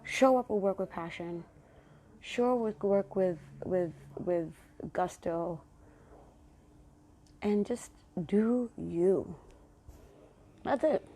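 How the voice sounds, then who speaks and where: A woman talks alone on her podcast in a relaxed, conversational monologue. Her voice is mellow and warm rather than bright, with a middle pitch for a woman. She speaks affectionately and encouragingly, like a pep talk to her listeners. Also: takes it slowly, pauses often, slight background noise. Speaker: podcast host. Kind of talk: casual solo podcast monologue.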